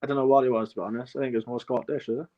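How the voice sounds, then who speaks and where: A man chats as a podcast guest in a laid-back, matter-of-fact way. His voice is mid-pitched and the recording sounds dull and lo-fi. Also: fairly even intonation, very fast. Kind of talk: casual podcast banter.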